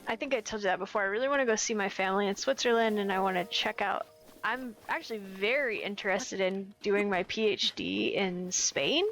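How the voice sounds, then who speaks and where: A woman's voice: medium pitch, fairly quick, a bit bright, soft background music, poor audio. A woman in her twenties from the United States, chatting casually and playfully while streaming a game. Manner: rambling, playful, self-commenting. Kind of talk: casual gameplay chat.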